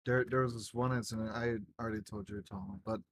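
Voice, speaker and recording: A man's voice: lowish voice, steady tone, brisk, a little hiss or hum. A young man in casual chat, rambling through a story with lots of fillers and swearing. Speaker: gaming group member telling a story.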